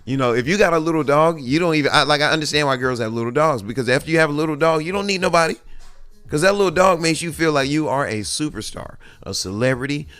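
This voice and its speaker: Profane confessional man with a smooth voice. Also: a little high, expressive, fast, a bit bright, faint music behind. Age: adult with children. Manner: profane, confessional, rambling with many restarts. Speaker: podcast host. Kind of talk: candid solo podcast monologue.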